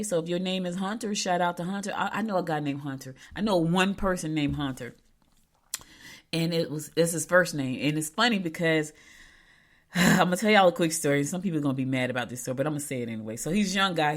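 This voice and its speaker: Chatty woman, low voice. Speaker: local radio show host. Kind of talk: casual chat.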